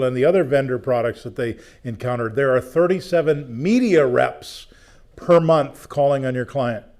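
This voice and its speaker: A man's voice: mid-range voice, darkish tone. Male sales trainer, jokey, upbeat lecture to members.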